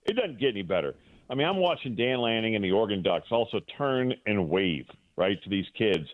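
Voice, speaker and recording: A man's voice: on the low side, big pitch swings, brisk, no echo. A man calling in as a sports broadcaster guest, telling an emotional story in a rambling way with many restarts. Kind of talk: casual radio interview. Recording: dry tinny phone line.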